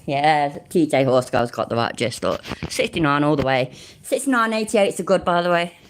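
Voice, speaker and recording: A woman's voice: low-pitched, expressive, a little fast, slight background noise. A middle-aged woman with a British accent hosting a casual livestream, sarcastic and sweary, laughing as she mocks a legal document she reads aloud. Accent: English (British). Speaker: livestream host reading a legal document to chat.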